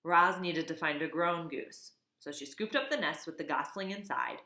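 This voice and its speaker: A woman reading a children's novel aloud, expressive, with casual asides. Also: sits low, normal speed. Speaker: reader. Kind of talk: storybook read-aloud. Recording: echoey room.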